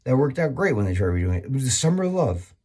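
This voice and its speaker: A man doing a rambling, profane comedy monologue, full of restarts and sudden high-pitched bursts. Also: big pitch swings, fast talker, a little mellow.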